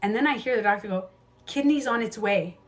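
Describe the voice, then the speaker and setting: A woman in her thirties hosting a casual livestream, telling her own stories candidly, swearing freely and jumping into quick asides. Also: on the high side, soft background music. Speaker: beauty coach livestream host.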